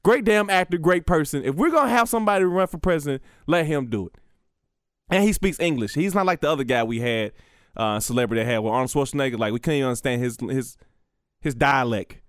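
A man's voice: medium pitch, animated, fast talker, smooth, no room sound, studio quality. A young adult man, a stand-up comedian, talking casually to camera in a rambling, profane way full of stammered restarts.

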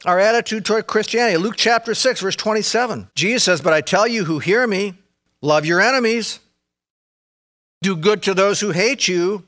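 High, bright-voiced male preacher. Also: moderate pace. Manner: emphatic, conversational preaching with frequent asides to the congregation. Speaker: pastor. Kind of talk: sermon.

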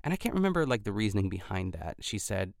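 Chatty low gravelly-voiced man. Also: very animated, fast, dry recording, clean studio sound. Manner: chatty, lots of "like" fillers and restarts. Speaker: podcast host. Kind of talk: casual recap chat.

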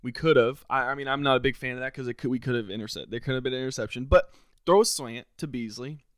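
A man hosting a podcast, delivering a frustrated, sarcastic solo rant with sudden leaps up in pitch and loudness. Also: quick pace, no room sound, clean studio sound. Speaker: podcast host.

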